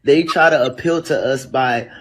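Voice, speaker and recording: A man's voice: medium pitch, normal speed, rough recording. A man talking casually and dismissively in a commentary clip.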